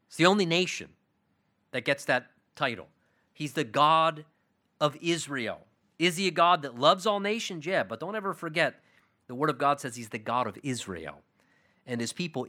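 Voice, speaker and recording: A male pastor giving an expository sermon in a conversational, plain-spoken way, swinging between loud declarations and hushed asides. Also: mid-range voice.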